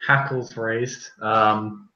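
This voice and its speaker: Man, tabletop player, very slow, halting, echoey room. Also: lowish voice, steady tone, pushed and bright, dull audio. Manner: halting, hesitant. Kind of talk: casual tabletop play.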